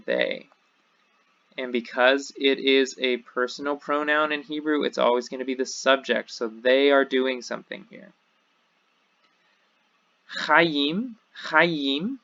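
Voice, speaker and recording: A man's voice: mid-range voice, vocal fry, bright, forceful tone. A man teaching a recorded online lesson, explaining step by step and saying each word twice. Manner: slow, explains step by step, repeats words twice. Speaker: Hebrew teacher. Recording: dull lo-fi audio.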